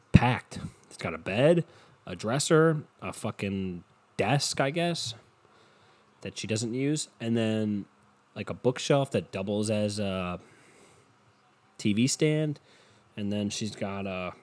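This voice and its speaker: Sleepy guy rambling on his podcast, lowish voice, swears a lot, deadpan. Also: slow, pauses often. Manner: profane, meandering and deadpan, with frequent swearing. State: tired and yawning. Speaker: podcast host. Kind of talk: rambling solo podcast monologue.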